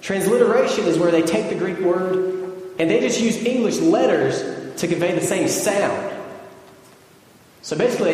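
A Southern American man preaches in a loose, conversational teaching style, stopping to make sure his listeners are keeping up. His voice sits a little high for a man. He is picked up from a distance, and the large hall around him rings with a long, heavy echo. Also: a little mellow. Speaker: pastor. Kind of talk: sermon. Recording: distant mic in echoey hall.

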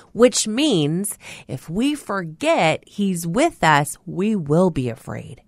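A woman's voice: lowish voice, slow pace, dry recording, clean studio sound. A woman giving an earnest, emphatic radio devotional as host. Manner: earnest preaching, animated and emphatic with laughs. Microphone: studio mic.

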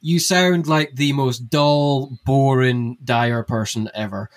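A young man who presents gardening on TV chats as a guest on a casual podcast, breaking ideas down step by step. His voice is mid-range and slow.

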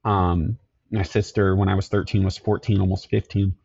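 A middle-aged man, a podcast guest, telling his life story in an earnest, halting way, often repeating himself. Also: deep voice, flat delivery, vocal fry, darkish tone, lo-fi sound, a little hiss or hum. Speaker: podcast guest, security company owner.

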